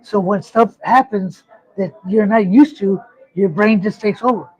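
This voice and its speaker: A man's voice: high-pitched, measured pace, darkish tone, slightly rough, highs cut off. A man, a military veteran, talking casually as a guest and readily agreeing with the host. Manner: agreeable, chimes in with short affirmations. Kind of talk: casual talk show chat.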